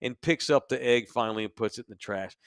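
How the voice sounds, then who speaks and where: A man's voice: medium pitch, fast, smooth, no room sound. Man, crude comedic storytelling, mocking, dry close mic. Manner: profane, animated, mocking. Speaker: podcast co-host. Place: sports bar studio.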